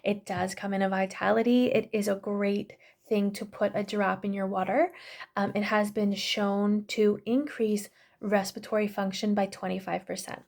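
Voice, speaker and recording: A woman's voice: medium pitch, little pitch movement, normal speed, creaky, darkish tone. A woman in her thirties teaching a casual online class, chatty and full of fillers, often correcting herself. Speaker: yoga and essential oils class teacher.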